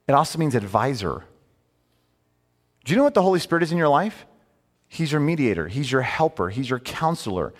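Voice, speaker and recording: A man's voice: mid-range voice, in a large hall. A man preaching a sermon as a pastor, conversational and emphatic, with many rhetorical questions.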